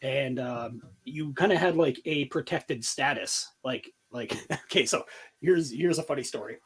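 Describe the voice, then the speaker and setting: A man's voice: medium pitch, measured pace, breathy edge. A man in his forties, a podcast host and tattoo artist, telling stories in casual chat and swearing freely. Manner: animated storyteller, swears freely.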